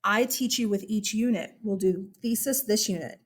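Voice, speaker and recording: A woman's voice: mid-range voice, moderate pace, breathy edge. A woman history teacher giving casual online class instructions in a chatty, upbeat way, laughing now and then and using many fillers. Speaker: high school history teacher.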